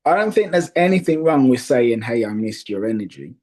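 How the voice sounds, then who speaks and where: A man guesting as a dating coach on a podcast, calmly explaining his view with examples. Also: mid-range voice. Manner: measured, explains by example with acted quotes. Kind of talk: casual podcast conversation.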